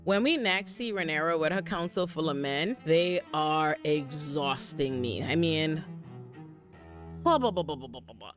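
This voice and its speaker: A woman's voice: low voice, measured pace, over music. Sassy, profane woman recapping a show. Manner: animated, sassy and profane, with lots of asides. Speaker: recap host. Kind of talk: casual commentary recap.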